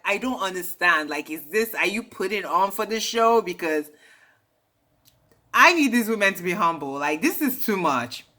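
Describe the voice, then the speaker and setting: Chatty woman doing a show recap, bright sharp voice, slangy and opinionated. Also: mid-range voice. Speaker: reality TV recap host. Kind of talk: casual chat recapping a show.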